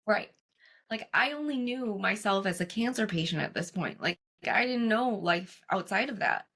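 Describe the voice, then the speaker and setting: A woman guest in a casual interview, telling her story animatedly and acting out her own past dialogue with lots of quick "like" asides. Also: mid-range voice, lively intonation, a bit bright. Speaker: guest, cancer coach.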